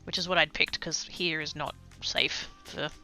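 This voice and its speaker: A woman's voice: low-pitched, fairly even intonation, normal speed, pushed and bright, soft background music. An Australian woman livestreaming, telling a story in rambling casual chat, swearing freely and poking fun at herself.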